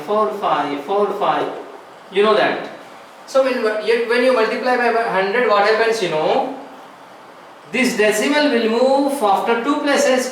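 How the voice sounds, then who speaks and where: A man's voice: high-pitched, fairly bright tone. A man teaching a classroom math lesson, explaining step by step, repeating phrases and asking rhetorical questions. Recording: echoey room, far from the mic, faint noise.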